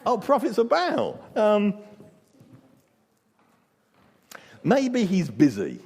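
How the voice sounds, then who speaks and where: A man doing a sarcastic prophet taunting his rivals, pitched up and teasing, the words ringing round a big reverberant hall. A playful, scornful jab in a storybook retelling. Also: wildly swooping pitch, unhurried, a little mellow, husky, heavily acted. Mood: mocking.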